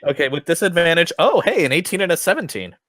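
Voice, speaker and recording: A young man playing his character in a tabletop game, lively, laughing and cursing often. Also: on the high side, quick pace, noisy background. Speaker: player. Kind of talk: tabletop role-play.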